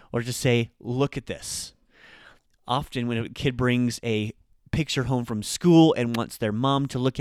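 Upbeat smooth-voiced male podcast host. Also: mid-range voice, no echo, clean studio sound. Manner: energetic, chatty, with frequent fillers. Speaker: podcast host and Japanese teacher.

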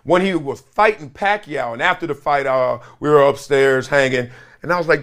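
Man, middle-aged sports show host, lively swooping pitch, slightly high voice, acts out quotes and sound effects. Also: moderate pace. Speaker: podcast host. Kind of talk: solo sports commentary.

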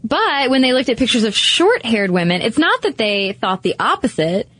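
A woman co-hosting a casual chat show, animated and full of "like" fillers. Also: fairly high pitch, moderate pace, husky. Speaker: podcast co-host.

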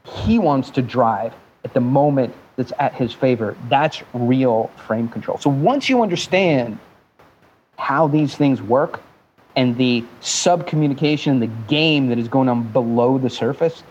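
A man guest telling an animated, joking business story with some profanity, now and then slipping into mimicked accents. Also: mid-range voice, a little slow, dull audio, slight background noise. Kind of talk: animated storytelling in a podcast interview.

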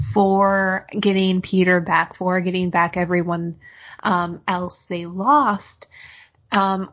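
A woman hosting a podcast, leading a casual discussion in a measured, thoughtful way. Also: lowish voice, a bit bright. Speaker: podcast host. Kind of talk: casual chat. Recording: dull lo-fi sound.

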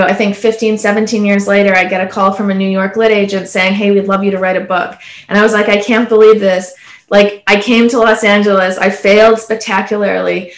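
A woman's voice: medium pitch, fairly bright tone, reverberant. A woman from Canada in her thirties, a panelist telling her story in an earnest, conversational way with many "like" and "you know" fillers. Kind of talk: casual panel discussion.

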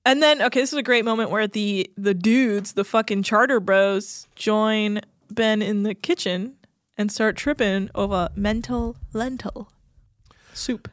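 Young woman, casual podcast chat, sarcastic, filler-heavy, medium pitch, dry close mic. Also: a little slow, no echo. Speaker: podcast co-host. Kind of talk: casual chat recapping a reality show.

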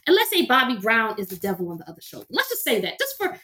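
A woman's voice: fairly high pitch, huge pitch swings, quick pace, bright, forceful tone. A woman therapist and minister, a podcast guest, talking emphatically with preacher-like repetition. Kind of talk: conversational interview.

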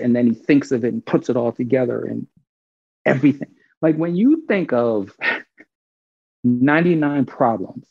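Brief: husky, gravelly male storyteller, casual and profane, dry and slightly dull sound. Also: medium pitch, no room sound. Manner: animated, profane, acts out quotes.

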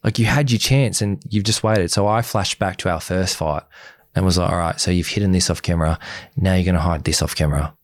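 Low-voiced man telling a story. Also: a little fast. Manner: animated retelling, acts out quoted dialogue, frequent swearing. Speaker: guest, former reality show contestant. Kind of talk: casual interview storytelling.

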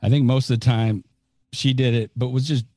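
A man's voice: mid-range voice, steady tone, fairly quick, dark tone, no room sound, studio quality. A man hosting a talk, sharing his own experience in a hesitant, candid way full of "you know". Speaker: podcast host giving advice. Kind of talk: reflective conversational advice.

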